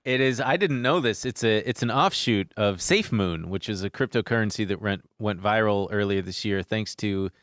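Casual American podcast co-host. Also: male voice, lowish voice, normal speed, hardly any pauses, no room sound, clean studio sound. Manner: animated storyteller who mimics voices. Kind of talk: casual chat.

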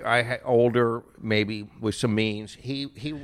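A man's voice: mid-range voice, takes it slowly, clear, resonant tone. A middle-aged man co-hosting a casual comedy chat, telling stories with mock indignation. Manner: animated storytelling with mock indignation. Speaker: podcast co-host.

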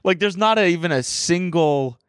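A man's voice: on the high side, animated, normal speed, fairly bright tone, clean tone, no room sound, clean studio sound. A man chatting casually on a podcast, laughing a lot and riffing with mock quotes. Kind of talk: casual chat.

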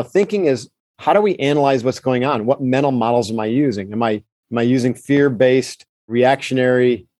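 Measured man coaching calmly, dry sound. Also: medium pitch, no room sound. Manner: measured, coaching tone, acts out quoted lines. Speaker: podcast host answering listener questions. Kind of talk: calm explanatory advice talk.

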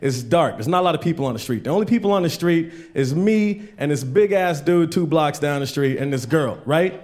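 A man's voice: fairly high pitch, lively intonation, a little fast, a little mellow. A man doing a stand-up set, telling loose, profane stories on stage. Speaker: stand-up comedian. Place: comedy club stage. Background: audience laughter.

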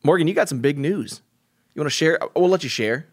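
A man's voice: on the high side, animated, fairly quick. A man hosting a podcast in an upbeat, easygoing casual chat. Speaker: podcast host.

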